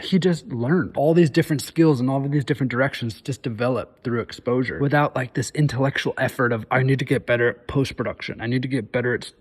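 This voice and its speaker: A man filmmaker in a casual vlog, talking loosely with many fillers and pushing the viewer on. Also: medium pitch. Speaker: filmmaker giving advice.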